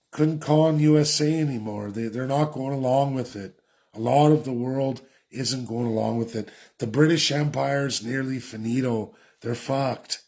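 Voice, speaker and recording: A man's voice: medium pitch, moderate pace, darkish tone. A man from Canada ranting sarcastically in a political commentary vlog.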